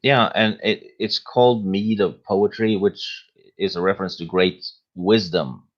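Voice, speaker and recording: A man appearing as a podcast guest, explaining his theory at a measured pace with many hesitations. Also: low-pitched, steady tone, dull audio. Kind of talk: casual podcast discussion.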